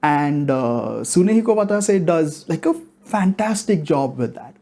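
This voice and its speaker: A man's voice: a little high, expressive, unhurried, gravelly, darkish tone. A man giving a casual movie review, rambling and filling his talk with "like" and "you know".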